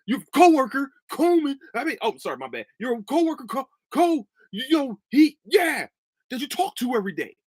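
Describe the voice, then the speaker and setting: Stammering, panicky male coworker, voiced high and shrill, as a man mocks him. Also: sing-song, fairly quick, breathy edge, no room sound, full character voice. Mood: flustered.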